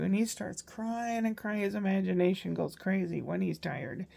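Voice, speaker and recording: Rambling through a casual daily recap, a grandmother vlogger tells her day as a meandering story. She speaks at a moderate pace with few pauses, in a lowish, mellow voice touched with vocal fry.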